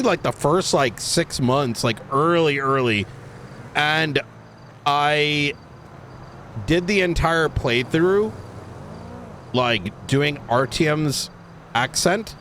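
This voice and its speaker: A man's voice: on the high side, slow, long pauses, a bit bright, a little hiss or hum. A man chatting casually on a live stream, rambling with restarts and the odd swear.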